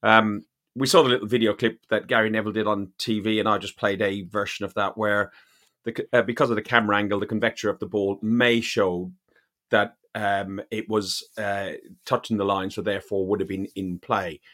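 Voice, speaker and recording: A lower-voiced man on a casual football podcast. He talks through replay clips in a halting way, full of ums and uhs, then asks the others for their view. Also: level tone, a bit bright. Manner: hesitant, lots of ums. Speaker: podcast co-host. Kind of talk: casual chat, match analysis.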